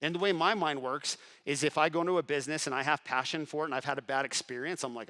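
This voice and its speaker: A middle-aged man giving a motivational speech at an event, telling his story with lively acted-out dialogue. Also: a little high, fast. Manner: animated storyteller acting out dialogue, swings between hushed and loud. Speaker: entrepreneur giving a motivational talk. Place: event hall before an audience.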